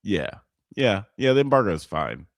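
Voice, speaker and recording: Deep-voiced, laid-back male co-host. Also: sing-song, moderate pace, dry recording, clean studio sound. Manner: laid-back, hesitant, many fillers. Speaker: podcast co-host. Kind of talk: casual live-stream chat.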